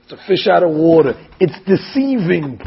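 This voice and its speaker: A man giving an animated sermon as a rabbi, telling stories and acting out the quotes. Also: fairly high pitch, normal speed, creaky, husky, muffled recording. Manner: animated storytelling, acts out quotes.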